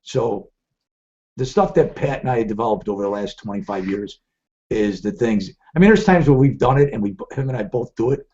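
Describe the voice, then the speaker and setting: A man's voice: lowish voice, expressive, a little fast, darkish tone. A middle-aged man hosting a live trading webcast, telling rambling stories with many restarts. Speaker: trading show host. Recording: dull lo-fi stream audio.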